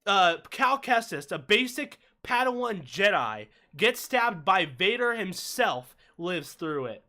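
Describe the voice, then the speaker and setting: A man co-hosting a casual livestream discussion, talking in an animated, ranting way with quick asides. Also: high-pitched. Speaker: watch-party co-host.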